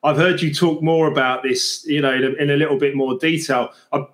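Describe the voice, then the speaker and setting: A man's voice: on the high side, steady tone, a little fast, a bit bright, reverberant. A man interviewing a guest in a podcast, asking long, rambling questions full of fillers.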